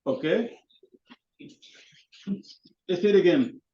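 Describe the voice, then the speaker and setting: A man teaching an English class, halting and often repeating his words. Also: high-pitched, lively intonation. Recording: echoey classroom, dull lo-fi sound.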